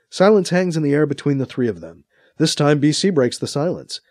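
A man narrating a science fiction audiobook in an expressive, plain manner. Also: on the high side, a little fast, dry recording, studio quality.

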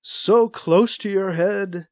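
A man voicing a sinister alien who slowly taunts a trapped man, repeating himself with creeping menace. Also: high voice, steady tone, a little mellow, pitched above the performer's own voice. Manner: slow, creeping, repetitive menace.

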